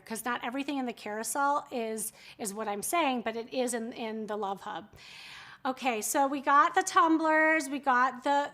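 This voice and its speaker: A woman's voice: high voice, fairly bright tone. A woman, hosting a live shopping stream in casual, chatty talk, often giggling and breaking off mid-sentence. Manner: chatty, giggly, self-interrupting. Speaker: livestream shopping host. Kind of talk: casual live-selling chat.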